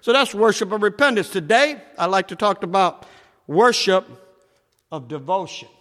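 A man preaching a sermon, shouting at times and swinging between loud and soft. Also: expressive, moderate pace. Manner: preaching with shouts and wide swings in pitch and loudness. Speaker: pastor. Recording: echoey hall.

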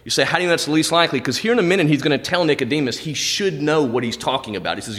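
A man preaching a sermon as a pastor, his voice jumping up on emphasis and dropping low on quiet asides. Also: racing, few pauses. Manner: animated preaching, pitch jumping high on emphasis. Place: church sanctuary. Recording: long hall reverb.

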